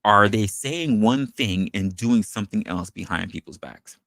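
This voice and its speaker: Guy hosting his opinion show, gravelly, dry close mic, keeps throwing questions at the audience. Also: fairly low pitch, a little slow, no echo. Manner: animated, rhetorical, questioning the audience. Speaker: podcast host. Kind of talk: opinion commentary monologue.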